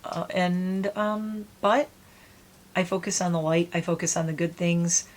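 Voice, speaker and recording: Soothing woman vlogger, lowish voice. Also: level tone, a little slow. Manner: gentle, soothing, meditative. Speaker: beauty vlogger. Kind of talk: casual heartfelt talk to camera.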